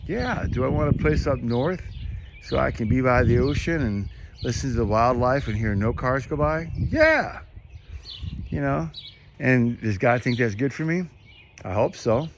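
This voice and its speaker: Earnest rambling man talking outdoors. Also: mid-range voice. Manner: rambling, earnest, chuckles often. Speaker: vlogger. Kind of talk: casual faith talk to camera. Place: outdoors among trees.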